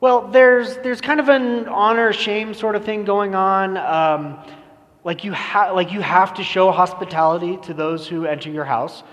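Pastor with a fairly high voice in a reverberant hall. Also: male voice, steady tone, measured pace, a bit bright. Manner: casual, self-deprecating, many fillers and restarts. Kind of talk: conversational sermon. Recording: long reverb of a large hall.

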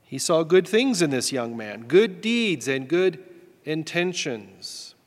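Man, pastor, sermon, slow, folksy, self-deprecating, slightly high voice. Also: big pitch swings, big-room sound.

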